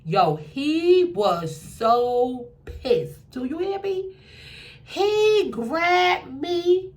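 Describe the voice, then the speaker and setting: Animated woman telling a storytime. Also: very slow. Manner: animated, quotes people in lowered voices. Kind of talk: casual storytime.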